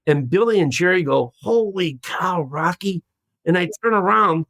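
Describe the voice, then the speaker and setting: A man in his sixties, a podcast guest telling a long story in a lively way and acting out the voices of the people in it. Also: sits high, moderate pace, gravelly, no echo. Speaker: guest, former hostage.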